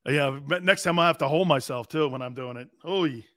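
A man's voice: on the high side, a little fast, pushed and bright, no room sound, studio quality. A man hosting an opinionated sports talk radio show, brash, rambling and joking.

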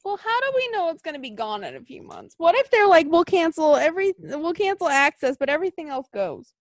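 A young woman co-hosting a podcast, venting and swearing in casual chat, lurching between mumbles and loud outbursts. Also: very high-pitched, big pitch swings, brisk, dry recording, clean studio sound. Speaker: podcast co-host.

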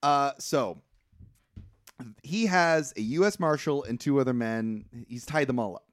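Brief: wry male co-host, animated intonation, casual chat. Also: mid-range voice, unhurried. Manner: wry, laughs easily. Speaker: podcast co-host.

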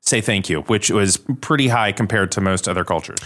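A man's voice: fairly low pitch, fairly quick, fairly bright tone. A man co-hosting a talk show, explaining a study in a casual, chatty way with many fillers. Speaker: podcast co-host. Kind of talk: casual chat.

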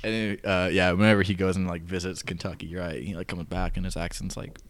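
A man's voice: low voice, little pitch movement, brisk, dry recording. A young man in his twenties, a guest chatting casually on a podcast in a laid-back, rambling way. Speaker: guest, martial arts black belt. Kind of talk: casual podcast chat over drinks.

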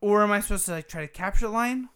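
A man's voice: high-pitched, very fast, clean tone. A man co-hosting a gaming podcast, telling a long story in casual chat, swearing freely and acting out quotes as he goes. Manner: profane, animated storytelling with acted quotes. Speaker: podcast co-host.

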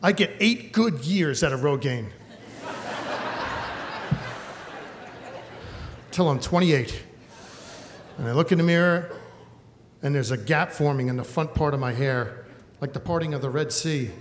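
A man in his thirties telling a comic personal story live on stage, wry and animated. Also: on the high side, takes it slowly, long pauses. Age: 30s. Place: stage in a hall. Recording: echoey hall, faint noise.

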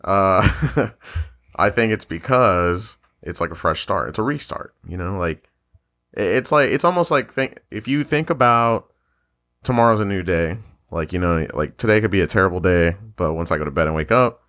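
A man with a very low voice hosts a relaxed chat among friends, his pitch rising and falling a lot as he talks. He laughs easily and rambles through plenty of fillers. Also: normal speed. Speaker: podcast host. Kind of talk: casual chat.

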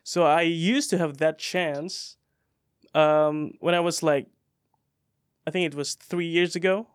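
A young man from Indonesia, a guest in a podcast studio, telling his story in a relaxed way with many fillers. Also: on the high side, slow, no echo. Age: young adult. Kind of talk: casual interview.

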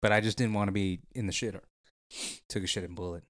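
A man's voice: lowish voice, fairly even intonation, fast talker, fairly bright tone, no room sound, studio quality. A man, co-hosting a casual chat and telling crude, jokey stories.

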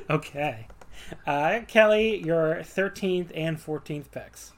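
A man hosting a casual podcast over a voice call, quick and joking as he calls on each guest. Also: on the high side. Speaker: host running a wrestling draft.

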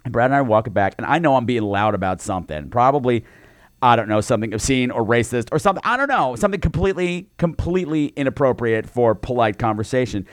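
Animated campy man telling stories. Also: medium pitch, dry recording, clean studio sound. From New York. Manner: animated, campy storytelling with mock shrieks. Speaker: podcast co-host. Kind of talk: casual chat.

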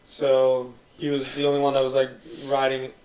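A man on a podcast, explaining things softly with many fillers. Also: mid-range voice, monotone, moderate pace, reverberant, far from the mic, rough recording. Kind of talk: casual chat.

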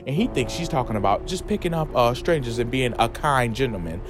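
A man hosting a podcast, retelling a horror story in a sassy, slangy, campy comedic way. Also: brisk. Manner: sassy, animated, slangy storytelling with lively swoops in pitch. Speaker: podcast host retelling a comic book story. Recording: music playing under the voice. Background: background music.

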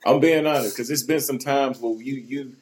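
A man with a middle-pitched voice hosts a casual podcast. He often stalls and repeats his words, and he speaks in a steady, reassuring way. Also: normal speed. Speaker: podcast host.

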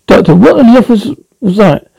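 A man voicing an anxious, impatient young man who fires off quick, worried questions. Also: high-pitched, lively intonation, creaky, mellow, husky, dry recording, pitched above the performer's own voice, heavily acted, poor audio.

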